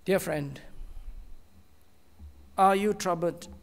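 A man preaching a sermon as a pastor, slow and earnest, with many pauses and often dropping to a soft, hushed tone. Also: high-pitched, gravelly, clean tone, long reverb tail.

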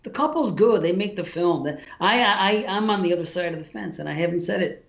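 Casual male podcaster, high pitched, halting and excitable, roomy muffled recording. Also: vocal fry. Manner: excited, halting restarts, says "dude". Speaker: podcast co-host. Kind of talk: casual film review chat. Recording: echoey room, dull lo-fi sound.

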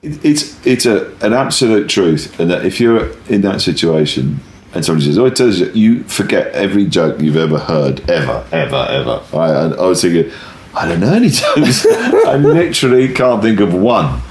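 Deep-voiced man telling stories, rambling. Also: moderate pace, reverberant, slight background noise. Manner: rambling, self-interrupting, animated anecdote teller. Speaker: stand-up comedian. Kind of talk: conversational interview storytelling.

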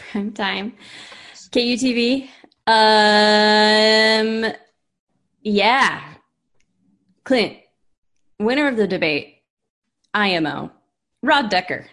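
A woman's voice: medium pitch, very slow, pauses often, fairly bright tone. Wry teasing female co-host. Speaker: podcast co-host. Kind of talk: casual chat.

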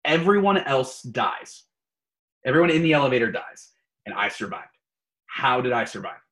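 A man's voice: mid-range voice, moderate pace, low-quality recording. Guy hosting a podcast, voice jumps up and down a lot, playful. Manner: animated quiz-giver, playful. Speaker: podcast co-host. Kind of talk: casual podcast chat.

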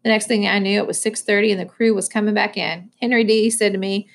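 A woman's voice: medium pitch, steady tone, fast talker. A woman reading a novel aloud, narrating evenly in the first person. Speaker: audiobook reader.

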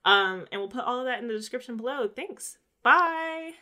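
A woman's voice: a little high, animated, moderate pace, pushed and bright. A woman hosting a podcast in casual, upbeat chat with her guest. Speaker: podcast host.

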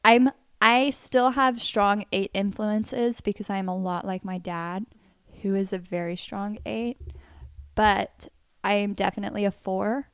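A woman's voice: mid-range voice, measured pace, clear, resonant tone, no room sound, clean studio sound. Young woman telling stories with laughter. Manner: animated storytelling with laughter. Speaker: co-host sister. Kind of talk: casual chat.

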